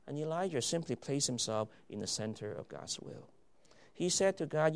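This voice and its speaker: A man preaching a sermon with emphatic, dramatic delivery that swings between loud declarations and quiet asides. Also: fairly high pitch, expressive, moderate pace. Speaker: pastor.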